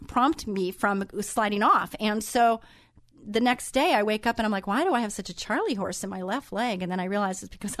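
A woman radio host chatting through a personal story in a lively, animated way, acting out the lines of the people in it. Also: fairly high pitch, dry recording, clean studio sound. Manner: chatty, animated retelling with quoted dialogue. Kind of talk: casual storytelling monologue.

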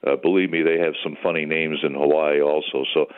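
An older man with a strikingly deep, low voice talks in an easygoing, rambling way, like a veteran sportscaster swapping stories. He comes through a thin, phone-like line. He is a guest calling in to a radio show. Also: flat delivery, fairly quick. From United States.

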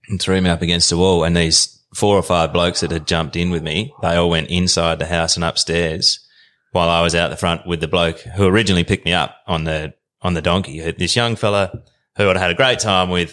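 Australian man, low pitch, podcast guest spinning a yarn, casual and lively. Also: normal speed. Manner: animated, colloquial, swears freely. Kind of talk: casual storytelling.

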